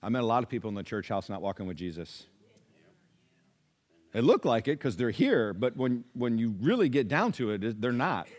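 Very animated and a touch fast, this medium-pitched male pastor preaches in a lively, conversational way, alternating booming emphasis with quiet asides while voicing his audience's responses.

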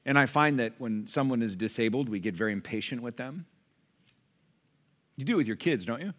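Brisk and mid-range, this man's voice carries a sermon from the pulpit of a church sanctuary. The pastor tells animated stories, voicing each person he quotes, and is recorded through a pulpit microphone.

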